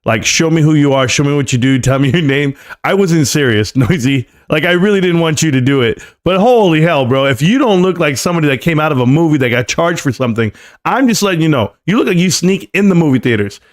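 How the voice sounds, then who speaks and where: A male live stream host with a slightly higher-than-usual voice. He rants at his critics in a combative, sarcastic, mocking tone. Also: expressive, quick pace. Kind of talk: ranting live stream commentary.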